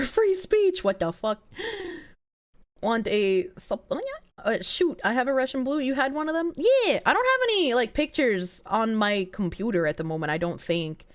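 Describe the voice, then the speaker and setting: A woman chatting live on a stream with her viewers. Her voice sits a bit high and swings widely in pitch, and she breaks into excited squeals. She talks in a gushing way and swears freely. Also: normal speed. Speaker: livestreamer. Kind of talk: casual live-stream chat.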